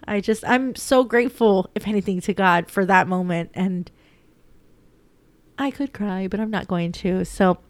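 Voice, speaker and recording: With no room sound in the recording, a young woman speaks in a mid-range voice, a little slowly. She's chatting about her day in a casual personal vlog, rambling with many fillers as she holds back tears.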